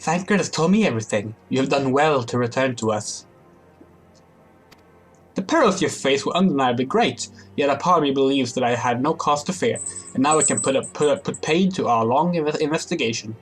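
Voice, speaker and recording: Man reading out a calm formal lady leader, lore explanation, game dialogue, faint music. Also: medium pitch, fairly quick, lightly acted. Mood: explaining.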